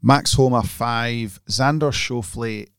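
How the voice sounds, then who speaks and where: A man co-hosting a golf podcast, talking casually and excitedly, restarting and repeating words as he goes. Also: medium pitch, takes it slowly, clean tone, no room sound. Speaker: podcast co-host.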